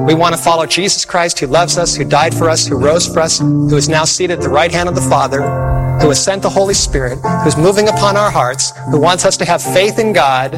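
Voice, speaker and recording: A man's voice: on the high side, fairly quick, over music, rough recording. A man preaching a sermon, emphatic, repeating phrases and calling to the audience for amens.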